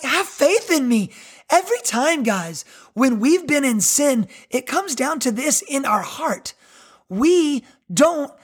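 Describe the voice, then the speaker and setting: A man's voice: very high-pitched, fairly bright tone. A middle-aged male pastor preaching a sermon in an earnest, conversational way.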